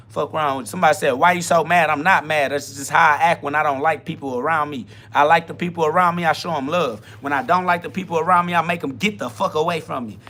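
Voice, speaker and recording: A man's voice: on the high side, pushed and bright. A man hosting a profane self-talk podcast, ranting bluntly in a combative, taunting way. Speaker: podcast host.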